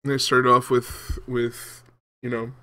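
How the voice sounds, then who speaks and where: A young man talks over a game he is playing, thinking out loud in loose, rambling chat. His voice is bright and a little forceful, and he stops often to say um or start a sentence over. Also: mid-range voice, little pitch movement, a little slow. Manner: rambling, many ums and restarts. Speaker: gaming video host. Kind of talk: casual let's-play commentary.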